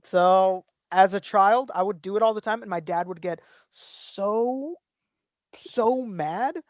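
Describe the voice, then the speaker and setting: A man's voice: high-pitched, slow, dry recording, studio quality. A man in his thirties co-hosting a podcast, telling rambling stories, swearing freely and acting out quotes. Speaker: podcast co-host. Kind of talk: casual chat.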